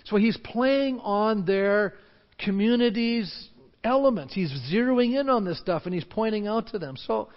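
A man preaching a sermon as pastor, animated and acting out the voices of panicked crowds. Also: sits high, measured pace. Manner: animated, acts out shouting crowds. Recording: dull sound with long hall reverb.

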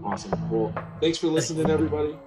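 A man hosting a podcast, chatting casually with his guest, relaxed and heavy on filler words. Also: fairly high pitch, rapid-fire, loud music behind the voice, low-quality recording. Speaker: podcast host. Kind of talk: casual interview chat.

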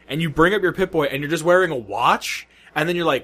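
A man's voice: fairly high pitch, quick pace, hardly any pauses. A man co-hosting a casual gaming podcast, retelling game moments with swearing and laughs. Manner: animated, swearing, laughing storyteller. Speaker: podcast co-host.

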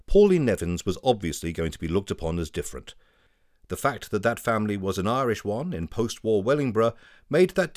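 A man hosting a podcast, reading a scripted introduction in a measured way. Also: on the low side. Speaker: podcast host.

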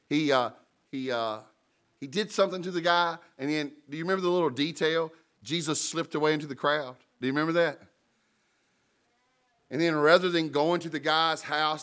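A man's voice: mid-range voice, a bit bright. A male pastor preaching a sermon in a mid-range voice. He leans hard on key words and repeats them for emphasis. He moves easily between solemn prayer and casual asides to the congregation.

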